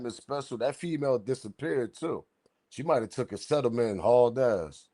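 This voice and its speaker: A man hosts a loose livestream, riffing on the chat in casual slangy talk. His mid-pitched voice leaps sharply upward whenever he acts out his own reactions, and he laughs often between remarks. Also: normal speed. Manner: animated, laughing, slangy street talk, pitch jumps high when quoting himself. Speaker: livestream host reading chat.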